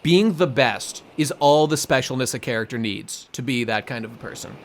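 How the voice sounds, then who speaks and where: A young man co-hosting a podcast in casual chat, rambling excitedly with many fillers and some swearing. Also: mid-range voice, a little fast, vocal fry, a little hiss or hum. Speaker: podcast co-host.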